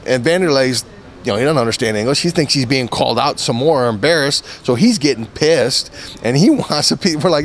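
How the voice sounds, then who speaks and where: A man's voice: on the high side, quick pace, slight background noise. A man, a former fighter, giving an interview and telling a long anecdote in a loose, rambling way full of restarts. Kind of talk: casual storytelling interview.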